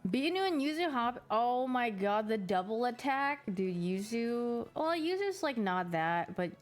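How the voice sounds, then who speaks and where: A woman's voice: fairly high pitch, sing-song, unhurried, soft background music. A woman streamer chatting casually and giggling, acting out her pet's reactions as she talks. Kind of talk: casual chat.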